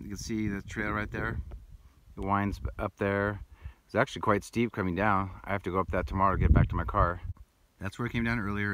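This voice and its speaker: A low-voiced man talks through his hike in a loose, rambling way, pointing out the trail ahead as he walks. He is recorded outdoors on a handheld camera, with a faint hiss of wind and noise behind him. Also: fairly bright tone. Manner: rambling, breathy while climbing, pointing out the route. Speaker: hiker vlogger. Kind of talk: casual trail vlog narration. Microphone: handheld camera while walking.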